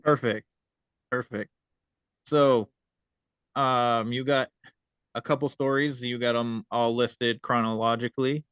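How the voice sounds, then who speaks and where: A man's voice: mid-range voice, fairly even intonation, takes it slowly, pauses often, a bit bright, clear, resonant tone, dry recording, studio quality. A man hosting a podcast, chatting casually in a laid-back way with many fillers. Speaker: podcast host. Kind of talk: casual chat.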